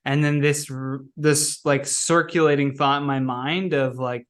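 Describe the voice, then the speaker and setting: A male podcast host telling stories in a casual, animated way, with many "like" fillers. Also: mid-range voice, measured pace, few pauses. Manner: animated storyteller, heavy use of "like". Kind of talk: casual conversational interview.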